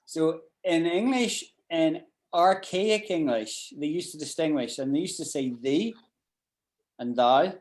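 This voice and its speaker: A man's voice: on the high side, measured pace, darkish tone. A man teaching an online English class, explaining usage with frequent restarts and repeated words over a video call. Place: at home in Ireland.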